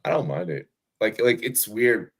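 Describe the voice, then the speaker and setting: A young man hosts a fantasy football show remotely, his mid-range voice gravelly, slightly rough and very animated at a normal pace. He chats casually and profanely, rambling with lots of fillers and restarts.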